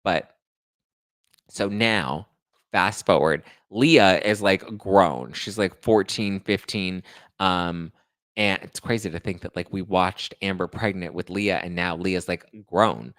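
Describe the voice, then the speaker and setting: A man with a fairly low voice hosts a gossip show in a loose, chatty style. He scatters fillers through his talk and drops sarcastic asides. The sound is dry and close-miked. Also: slow, a bit bright, no room sound. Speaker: pop culture podcast host. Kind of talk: casual gossip commentary.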